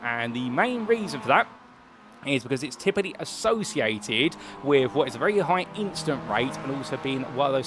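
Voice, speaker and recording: A man's voice: fairly high pitch, noisy background. A British man in his thirties, commentating a sim racing qualifying session in a chatty, rambling way with polite turns of phrase. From United Kingdom. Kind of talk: solo race commentary.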